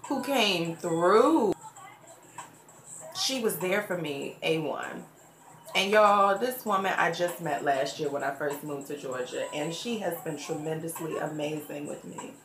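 A woman's voice: on the low side, a bit bright, a little hiss or hum. Woman vlogging with echoey room sound. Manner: emotional, testifying about faith. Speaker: beauty vlogger. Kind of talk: get-ready-with-me makeup chat.

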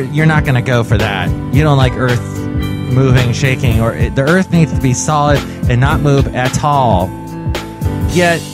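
Rambling sarcastic male podcast host. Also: a little high. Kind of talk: casual comedic monologue.

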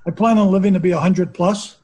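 A man's voice: high-pitched, steady tone, quick pace, warm tone, slight background noise, low-quality recording. An older man, a hypnotherapist guest, talking in a philosophical, rambling conversational way. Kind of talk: casual conversation.

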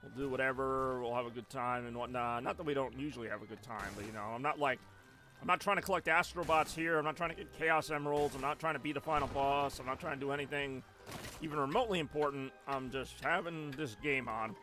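A man's voice: medium pitch, fast, sharp tone, soft background music. A man streaming a game live, rambling and joking as he chats with his viewers. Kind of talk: casual live stream gameplay commentary.

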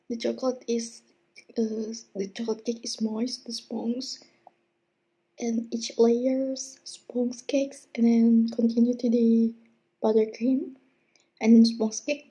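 Breathy whispering woman. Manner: soft, breathy whispering that drifts into a low murmur. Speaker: ASMR mukbang host. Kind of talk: whispered ASMR food review.

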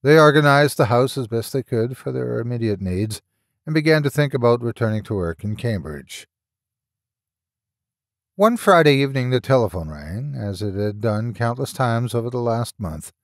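A man narrating a horror audiobook in a measured, storytelling way. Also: mid-range voice, animated, no echo, clean studio sound.

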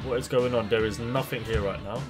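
A young man commentates on his gameplay in a chatty, slangy way. His voice sits at an ordinary middle pitch, and he is excitable, breaking into sudden loud outbursts. Faint music plays behind him. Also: brisk. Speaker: gaming YouTuber.

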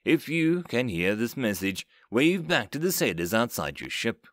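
A man's voice: mid-range voice, big pitch swings, fairly bright tone, dry recording, clean studio sound. A man voicing a robotic-sounding recorded greeting message that speaks formally and evenly in an audiobook reading. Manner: formal, measured.

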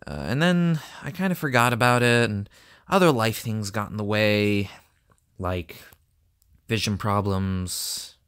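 A woman in her twenties with a lower voice recording a personal, halting message to her future self, full of repeats and restarts, with sarcastic asides, from a dark closed-off room. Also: clean tone. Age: 20s. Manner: halting, self-interrupting, thoughtful. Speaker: vlogger.

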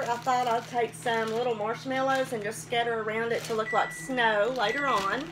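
A woman chats her way through a live cooking stream from her home kitchen. Her voice sits a little high, and she keeps a folksy, friendly patter, greeting viewers by name. Steady household noise runs clearly beneath her.

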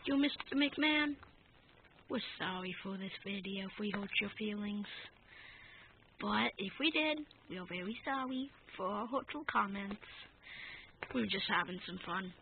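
A woman's voice: medium pitch, animated, moderate pace. A woman acting out a playful action figure wrestling skit, rambling and bantering back and forth with herself. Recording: tinny phone-like recording with faint noise.

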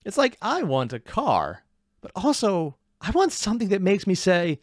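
This reaction channel host speaks in a high-sitting voice at normal speed, recorded dry with clean studio sound. He's animated and sarcastic as he comments on a casual reaction video, tossing in asides and laughing at his own jokes.

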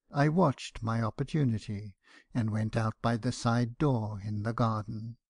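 A man narrating a classic novel for an audiobook in a measured first-person telling. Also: medium pitch, creaky, a little mellow, no room sound, clean studio sound. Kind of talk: scripted narration.

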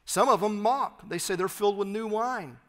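Texan pastor preaching in a reverberant hall. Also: male voice, high voice, moderate pace, pushed and bright. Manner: emphatic teaching with asides and humor. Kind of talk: sermon. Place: church sanctuary.

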